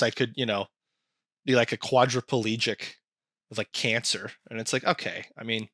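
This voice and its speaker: Bright, dry-sounding podcast co-host man. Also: medium pitch, steady tone, moderate pace, no echo. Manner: emphatic, hesitant, profane. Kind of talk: casual chat.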